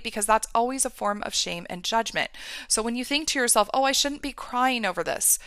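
Bright, earnest woman coaching listeners. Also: a little high, clear, resonant tone, no room sound. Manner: earnest, repeats "right?" often. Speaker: mindset coach. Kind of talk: motivational talk to listeners.

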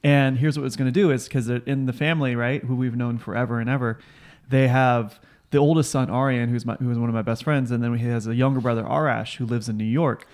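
A man telling a story in a relaxed, rambling way, with frequent restarts and fillers. He lifts his voice to act out quoted lines from the people he describes. His pitch sits right in the middle for a man. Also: quick pace. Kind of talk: casual storytelling chat.

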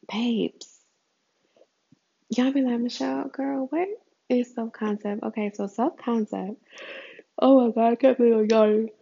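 Woman, casual audio journal chat, gravelly fry, expressive high swoops, muffled lo-fi sound. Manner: chatty, addresses listeners as girl and y'all. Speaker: podcast host. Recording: muffled lo-fi recording.

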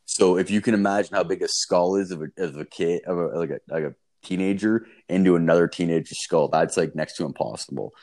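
Deep-voiced man telling a story. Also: fairly quick, hardly any pauses. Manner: profane, rambling, animated storytelling. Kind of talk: casual chat.

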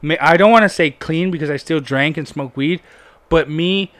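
A man's voice: a little high, normal speed, fairly bright tone. A man casually telling a personal story as a guest, blunt and full of swearing and "like" fillers. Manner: candid, heavy swearing, frequent "like" fillers.

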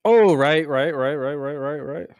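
A man co-hosting a loose, swearing podcast chat at a slow pace. His voice sits in a middle pitch and sounds dry and close, with no room around it. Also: clear, resonant tone, dry recording. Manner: animated, swearing, laughing hard. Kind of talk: casual chat.

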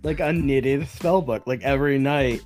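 A speaker in casual chat, playful and encouraging, quick to riff on a friend's ideas. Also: medium pitch, a little mellow, faint music behind.

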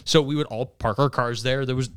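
A man telling a story in a casual podcast chat, profane and animated, acting out the people he quotes. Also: mid-range voice, brisk, smooth, no echo, clean studio sound. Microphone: handheld mic.

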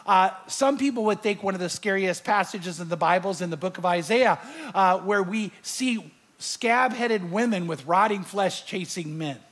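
A male pastor with a high-pitched voice tells a story to a large audience. He is animated and acts out his own fright before turning to scripture. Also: moderate pace. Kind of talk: sermon with storytelling.

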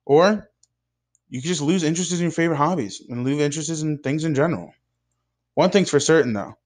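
Young man, earnest devotional speaker, measured preaching delivery, slightly high voice. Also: animated, darkish tone. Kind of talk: scripted devotional talk.

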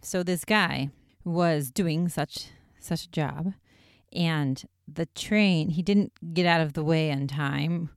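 A woman's voice: low voice, takes it slowly, clean tone, no room sound, studio quality. A woman casually recapping a TV episode in a chatty way, with lots of "like" and wry asides.

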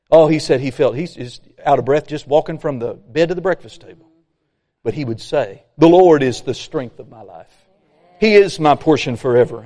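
A man preaching a sermon, folksy and animated, acting out complainers. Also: on the high side. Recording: long hall reverb.

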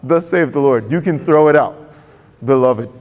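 A man's voice: mid-range voice, normal speed, darkish tone, big-room sound. A male pastor preaching a sermon in a conversational way, acting out quoted voices.

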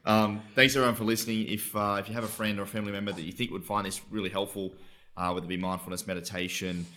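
A man's voice: on the low side, little pitch movement, fast talker. A man hosting a podcast, friendly and thankful as he wraps up the episode. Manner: friendly, thanks guests warmly, wraps up the show. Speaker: podcast host. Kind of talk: casual podcast conversation.

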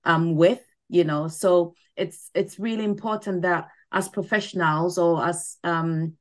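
A woman's voice: fairly low pitch, fairly even intonation, a little slow. A middle-aged woman speaking as a podcast guest, explaining things earnestly in a casual interview and often adding "you know". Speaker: podcast guest, mental wellness ambassador.

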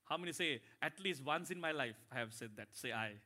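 A man pastor preaching a sermon in church, animated, with rising emphasis and call-and-response to his congregation. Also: mid-range voice, fairly quick.

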